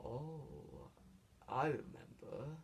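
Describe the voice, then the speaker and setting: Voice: mid-range voice, sing-song, extremely slow, creaky, breathy edge, full character voice. A vlogger doing a sly, taunting villain lion. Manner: sly, taunting, drops to a hushed whisper.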